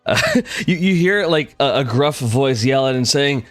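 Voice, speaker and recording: A man's voice: medium pitch, expressive, measured pace, no room sound, soft background music. A young man narrating a tabletop game as game master, loose and full of fillers.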